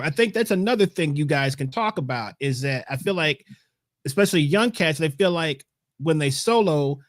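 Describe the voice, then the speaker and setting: A man hosting a relaxed music livestream, with a slightly lifted voice and a dry, close sound. He talks emphatically and loosely, and his thoughts drift off partway. He speaks over a remote call mic. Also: fairly high pitch, dry recording. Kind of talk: casual panel chat on a livestream.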